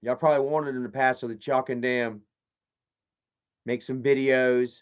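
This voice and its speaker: A man's voice: mid-range voice, flat delivery, moderate pace, smooth. A man giving casual livestream commentary, profane and mocking, reading chat messages aloud. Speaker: live streamer. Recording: muffled lo-fi stream audio.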